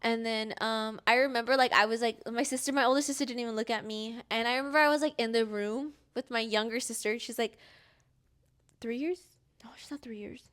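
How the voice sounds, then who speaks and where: Young woman, higher voice, rambling storyteller. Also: fairly even intonation, fast, hardly any pauses, fairly bright tone, smooth. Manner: rambling, heavy use of "like", acts out quoted dialogue. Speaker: podcast co-host. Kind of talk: casual personal storytelling.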